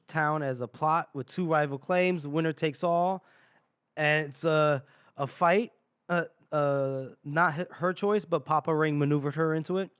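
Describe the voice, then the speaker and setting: A man's voice: on the high side, fairly bright tone, clean tone, dry recording. Man casually recapping a chapter, dry sound. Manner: retells scenes, briefly quoting characters, casual swearing. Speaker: podcast co-host. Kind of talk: casual book-club recap.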